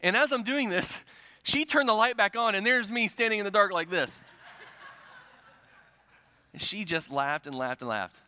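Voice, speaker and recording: A man's voice: high voice, lively intonation, moderate pace, long pauses, sharp tone, long reverb tail. A middle-aged male pastor preaching a sermon, telling stories and asking rhetorical questions, in a church sanctuary.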